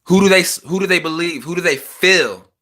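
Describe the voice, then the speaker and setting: A young man pours out an emotional rant from inside a small house. His voice is bright and sharp and sits a touch high. He swings between heated, agitated bursts and quieter stretches. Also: fairly quick. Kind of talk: emotional personal rant to camera.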